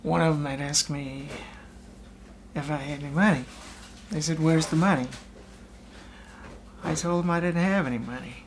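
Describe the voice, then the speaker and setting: A middle-aged man speaking slowly and earnestly in a documentary interview, often halting and restarting. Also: a little high, a little hiss or hum, low-quality recording.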